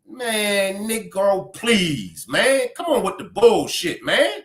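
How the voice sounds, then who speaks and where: Male commentary host, scolding and profane, slow deliberate pace, very animated. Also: high-pitched. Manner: blunt and profane, scolding outbursts. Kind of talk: heated commentary.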